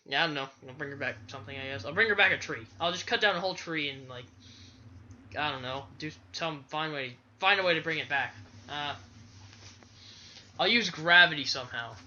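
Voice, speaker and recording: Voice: mid-range voice, fairly quick, pushed and bright, dull audio, slight background noise. Rambling sarcastic game commentator. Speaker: let's play commentator. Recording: game music behind the voice. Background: game music.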